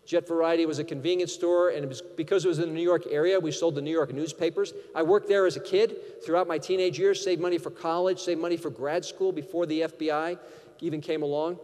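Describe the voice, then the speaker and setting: High-voiced man telling stories in a hall. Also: fast talker. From Connecticut, USA. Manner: lively anecdotal storytelling, acting out dialogue. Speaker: keynote speaker. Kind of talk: storytelling keynote speech. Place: large conference hall. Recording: long hall reverb.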